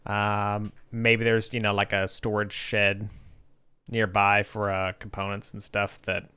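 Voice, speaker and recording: Male streamer, bright voice, loose rambling delivery, reads chat aloud. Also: on the low side, completely flat delivery, measured pace, clear, resonant tone. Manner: rambling, thinking aloud with many fillers. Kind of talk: casual livestream chat.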